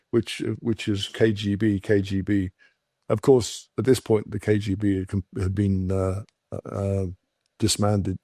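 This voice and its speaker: English male guest, low mellow voice, dry close sound, halting storyteller. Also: no echo. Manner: halting, many restarts and fillers. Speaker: podcast guest. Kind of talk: casual storytelling.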